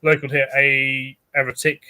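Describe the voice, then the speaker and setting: A man's voice: medium pitch, level tone, measured pace, sharp tone, no echo. A British man, a podcast guest, telling a story in casual chat, laughing often and acting out what others said. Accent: British English. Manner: laughs often, tells stories with quoted voices.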